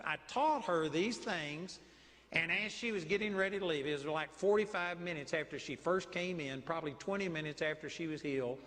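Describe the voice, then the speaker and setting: Texan preacher, higher-pitched man, animated storytelling in a reverberant hall. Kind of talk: sermon.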